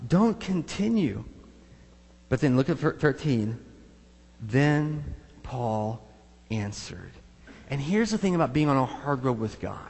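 A man with a slightly high, husky voice preaches a sermon in a church hall. His words ring out with a long reverb as he tells stories and acts out quoted voices with emphasis. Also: a little mellow. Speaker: pastor.

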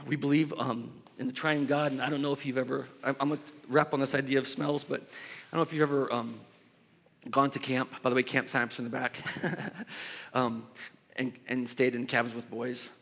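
A man's voice: medium pitch, flat delivery, fairly quick, fairly bright tone. A man preaching a sermon in a church, talking in a loose conversational way with restarts and asides. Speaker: pastor. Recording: long echo of a large hall.

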